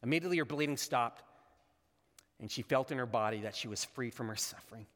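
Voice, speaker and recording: A man preaching a sermon as a pastor, animated and conversational, acting out the lines he quotes. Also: mid-range voice, fast. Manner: animated, acts out quoted lines in character voices. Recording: long hall reverb.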